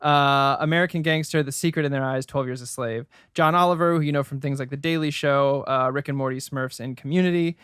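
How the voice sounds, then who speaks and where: A man's voice: mid-range voice, steady tone, a little fast, hardly any pauses, fairly bright tone, clear, resonant tone, no room sound, studio quality. Joking male co-host reading film credits. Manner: lightly joking while listing credits. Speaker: podcast co-host.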